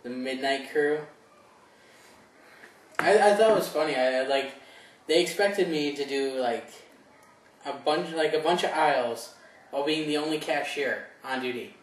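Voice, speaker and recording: A man's voice: fairly high pitch, normal speed, pauses often. A young man co-hosting a casual chat, joking, swearing and laughing often. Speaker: co-host. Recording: echoey room, distant mic, faint noise.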